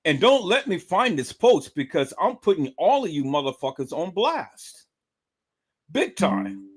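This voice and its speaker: Slow, animated, emphatic male streamer. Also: high voice, husky. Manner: emphatic, repetitive, profane, keeps calling out to viewers. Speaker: livestream host. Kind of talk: livestream commentary.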